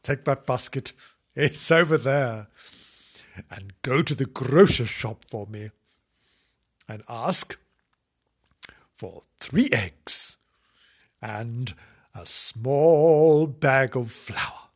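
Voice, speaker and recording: A man voicing a bossy, shrill middle-aged housewife who scolds her husband. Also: very slow, pauses often, slightly rough, exaggerated voice.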